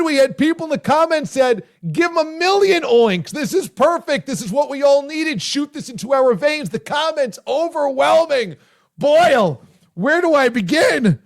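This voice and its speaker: A male show host interviewing a guest, loud and excitable, sometimes shouting his praise. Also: extremely high pitch, moderate pace. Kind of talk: casual interview chat.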